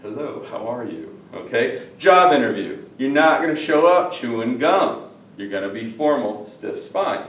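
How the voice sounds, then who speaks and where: A man's voice: mid-range voice, expressive, normal speed, a bit bright. Man teaching a lesson in an echoey room. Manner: conversational, repeats phrases, checks in with listeners. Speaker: Spanish teacher. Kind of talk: recorded classroom lesson. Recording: echoey room, mic at a distance.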